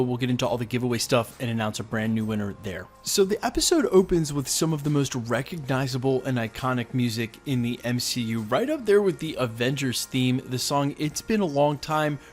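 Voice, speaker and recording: Man, video host, enthusiastic, explains things point by point, mid-range voice. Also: mid-range voice. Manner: explanatory, walks through details point by point. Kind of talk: fan recap and breakdown video.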